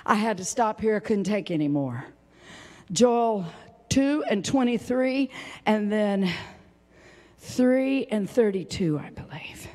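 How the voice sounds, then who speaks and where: A woman preaching a sermon, swinging from high exclaiming to hushed whispers. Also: slow, pauses often. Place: church sanctuary. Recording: long reverb of a church hall.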